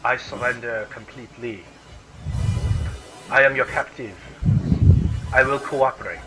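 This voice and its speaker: A man voicing a captive male doppelganger mercenary, speaking low, quiet and measured. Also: steady tone, noisy background, close to an everyday voice. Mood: submissive.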